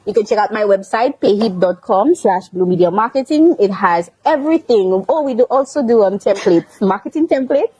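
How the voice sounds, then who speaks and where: A woman's voice: medium pitch, expressive, normal speed, hardly any pauses, warm tone, slightly rough, dry recording, poor audio. A woman guest on a talk show, plugging her marketing services with giggles and many ums. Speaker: guest, marketing business owner. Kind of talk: casual interview chat.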